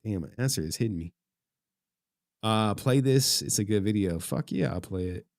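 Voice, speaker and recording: A man with a lowish, darkish voice hosts a livestream, talking loosely with his audience at a moderate pace with some vocal fry. He swears and gets emotional while reading their chat messages aloud. The studio recording is clean, with no echo.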